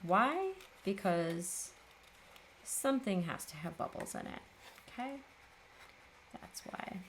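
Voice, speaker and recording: A woman's voice: medium pitch, very animated, measured pace, a little hiss or hum. A woman hosting a papercraft video, chatting casually and tiredly as she works, often laughing at herself. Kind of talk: casual chat while crafting.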